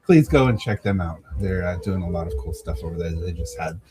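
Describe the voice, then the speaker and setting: A man's voice: sits low, brisk, rough recording. A man co-hosting a casual podcast chat, laid-back and full of fillers, cheerfully plugging projects and swearing in jest. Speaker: podcast co-host and promo wrestler.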